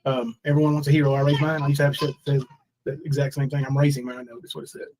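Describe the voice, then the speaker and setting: A man in his forties speaks rapid-fire in a mid-range, slightly mellow voice with flat delivery while hosting a casual livestream. The poor audio carries a little hiss or hum as he rambles about his troubles, reads viewers' names, and does mock crying.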